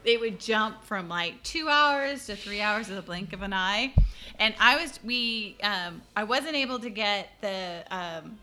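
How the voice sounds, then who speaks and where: Bright-voiced chatty woman. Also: medium pitch, a little slow. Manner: chatty storyteller, laughs often. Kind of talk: casual chat.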